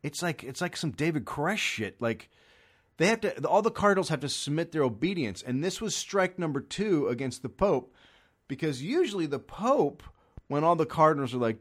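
A man's voice: fairly high pitch, very animated, moderate pace. Profane rambling American comic man. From United States. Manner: profane, sarcastic, acts out voices. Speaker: comedian.

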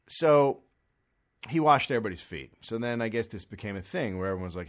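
A man's voice: fairly low pitch, lively intonation, fairly quick. A man from America doing a rambling, profane comedy monologue, sarcastic and acting out little voices. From United States.

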